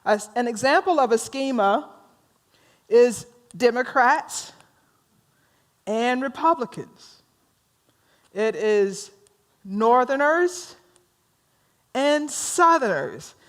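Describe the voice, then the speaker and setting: A woman's voice: on the high side, animated, slow, long pauses. A woman minister from rural North Carolina with a Southern drawl, teaching a workshop in a conversational way and teasing her audience with questions.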